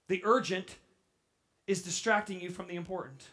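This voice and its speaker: The sermon comes from a female pastor who gets animated and echoes her own words when excited. Elsewhere her voice softens and lowers into reflection.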